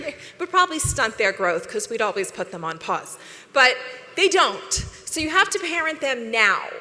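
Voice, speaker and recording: A woman giving a conference talk, chatty and animated, often asking the audience questions. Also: fairly high pitch, in a large hall. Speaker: speaker.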